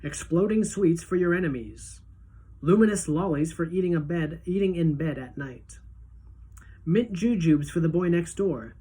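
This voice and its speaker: A woman teacher reading a children's book aloud to a class, in a steady, clear storytelling manner. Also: lowish voice.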